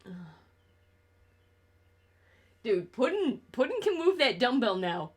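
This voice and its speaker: A woman's voice: a little high, very animated, moderate pace, breathy edge. Profane, sarcastic young woman streamer. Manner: profane, rambling and sarcastic, often laughing. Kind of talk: casual chat while gaming on stream.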